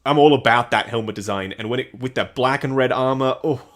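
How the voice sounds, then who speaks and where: A man co-hosts a casual livestream, chatting enthusiastically and reading viewer comments aloud. He speaks at a normal speed with a medium-pitched voice.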